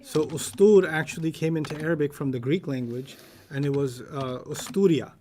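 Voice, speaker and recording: A man's voice: on the high side, normal speed, dark tone, a little hiss or hum. A man teaching Arabic vocabulary in a casual class, quizzing students and telling humorous stories.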